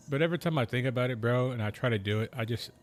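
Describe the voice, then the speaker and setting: A man streaming a game, talking slowly and casually in a kept-down voice, with a lot of slang. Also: mid-range voice. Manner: slow, laid-back talker; keeps voice down. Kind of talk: casual live-stream chat.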